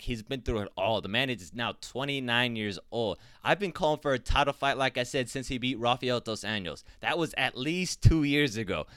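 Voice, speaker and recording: A man in a fight commentary vlog, blunt and opinionated, swearing freely as he talks. His voice is smooth and clear, recorded dry and close. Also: medium pitch, a bit bright, no room sound. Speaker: MMA commentator.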